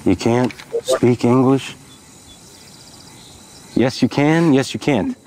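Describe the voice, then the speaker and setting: An actor playing a menacing man who loudly and aggressively taunts and questions a stranger. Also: mid-range voice, slow pace, slight background noise, close to an everyday voice. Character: menacing male bully interrogating a stranger.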